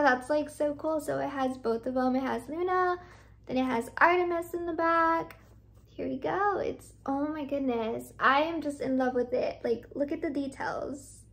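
A woman's voice: sits high, fairly bright tone. A young woman doing a casual unboxing vlog, gushing and effusive, repeating her praise over and over. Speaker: vlogger.

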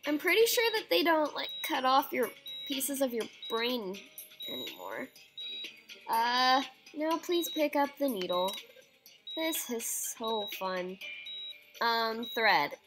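A woman's voice: sits high, big pitch swings, slow pace, over music, poor audio. A young woman playing a surgery game, chatting casually, reading prompts aloud and reacting with squeamish exclamations. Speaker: game streamer. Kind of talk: casual let's-play commentary.

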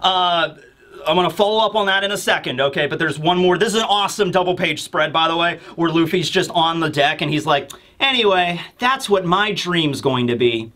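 High, bright-voiced emphatic man. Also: brisk. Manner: emphatic, insistent, joking. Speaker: manga review host. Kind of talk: casual commentary video.

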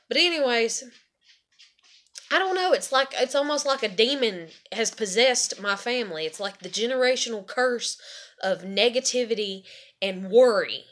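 A woman's voice: a little high, normal speed, fairly bright tone. A young woman venting about her family in a rambling, bitter personal rant full of swearing. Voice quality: swears heavily, rambling and repetitive. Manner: frustrated, bitter. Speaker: vlogger.

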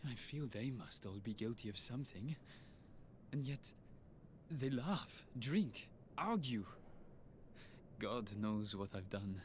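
A man's voice: mid-range voice, expressive, takes it slowly, long pauses, slight background noise. An actor playing an anxious, guilt-ridden male soldier with a French accent, narrating his diary in a game. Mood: brooding. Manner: brooding, paranoid, guilt-ridden.

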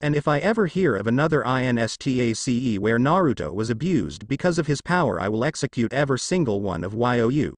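A man's voice: medium pitch, big pitch swings, brisk, hardly any pauses, no room sound. A man voicing a stern, commanding elderly male village leader in a fan fiction reading. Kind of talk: fan fiction read-aloud.

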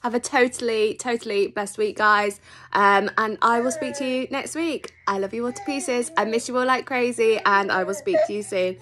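A woman's voice: on the high side, moderate pace, fairly bright tone. A woman chatting casually to camera as a tarot reader, upbeat with frequent ums. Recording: distant mic with faint noise.

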